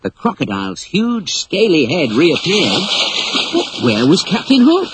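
A man reading a children's story aloud as narrator, in an expressive storybook style. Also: mid-range voice, measured pace, noisy background. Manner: animated, expressive read-aloud.

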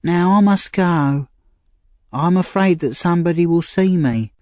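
A male narrator voicing a frightened, troubled young woman in a high, slow, pleading voice for an audiobook. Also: darkish tone, no room sound. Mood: earnest sad. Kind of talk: audiobook character reading.

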